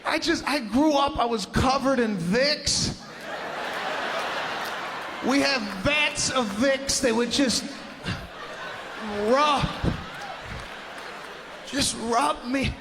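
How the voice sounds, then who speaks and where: A man doing stand-up comedy, telling stories in an animated, exasperated way. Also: very high-pitched, drawn-out words, long pauses, long reverb tail, a crowd in the background, noisy background.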